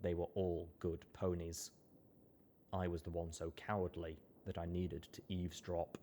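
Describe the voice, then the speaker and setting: Brief: male audiobook narrator, low and husky, measured delivery. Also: level tone, mellow. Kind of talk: first-person fiction narration.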